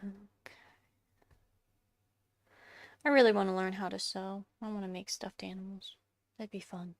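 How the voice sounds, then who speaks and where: A woman's voice: mid-range voice, fairly even intonation, brisk, dry recording. Congested woman chatting while sculpting. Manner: chatty, searches for words, drops to whispers. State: congested, coughing. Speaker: sculpting vlogger. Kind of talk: casual narration while sculpting.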